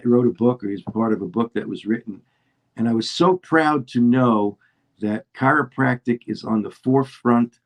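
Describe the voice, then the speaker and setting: A man giving emotional closing remarks on a call, halting and full of fillers. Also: medium pitch, low-quality recording. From Atlanta. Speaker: guest chiropractor.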